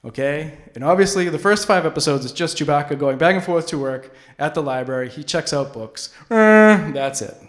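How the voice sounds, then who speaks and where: A man's voice: on the high side, moderate pace, hardly any pauses. A man hosting a public access comedy show, delivering a rambling, goofy monologue full of restarts. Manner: rambling, self-interrupting, goofy.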